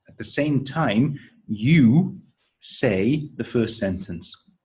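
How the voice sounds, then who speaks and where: A man giving a pronunciation lesson for teachers, modelling intonation patterns and counting syllables out slowly and deliberately. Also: mid-range voice, animated, a little mellow, slight background noise, low-quality recording. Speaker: teacher trainer.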